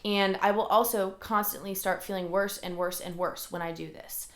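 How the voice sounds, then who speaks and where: A woman's voice: mid-range voice, steady tone, normal speed, reverberant. A woman hosting a solo motivational podcast from her room at home, talking earnestly and rambling, with lots of "like" fillers. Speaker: podcast host. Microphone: recorded alongside a camera.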